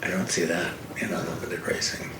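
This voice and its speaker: A low-pitched, fairly quick male voice comes from an older guest, a racing TV commentator, who tells stories with animation and emphasis during a casual fireside conversation. A distant mic in an echoey room picks up faint hiss.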